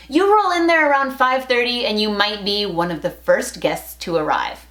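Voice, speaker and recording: A young woman vlogging to camera in a chatty, playful and expressive way. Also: mid-range voice, normal speed, few pauses. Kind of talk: casual talk to camera. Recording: roomy echo.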